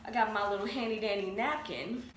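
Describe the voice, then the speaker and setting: A young woman with a brisk, mid-range voice vlogs a casual mukbang at home, chatting between bites in front of her camera. The audio, from the camera mic, has room echo and faint ambient noise.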